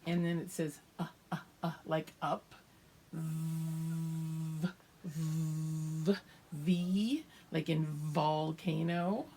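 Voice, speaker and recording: A woman's voice: on the low side, a little mellow, slight background noise. An older woman teaching young children their letters remotely, patiently sounding out each letter and its sound. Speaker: preschool teacher.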